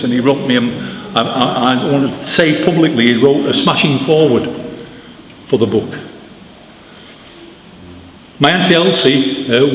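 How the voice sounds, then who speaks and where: A man giving an animated, informal talk to an audience at a book launch, telling stories with emphatic asides. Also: mid-range voice. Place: church hall. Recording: echoey church with long reverb, faint noise.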